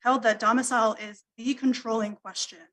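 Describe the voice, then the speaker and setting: Measured female attorney, slightly high voice. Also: fairly even intonation, a bit bright, low-quality recording. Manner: measured, deferential, with frequent ums. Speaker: attorney arguing appeal. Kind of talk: formal legal argument. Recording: courtroom livestream audio.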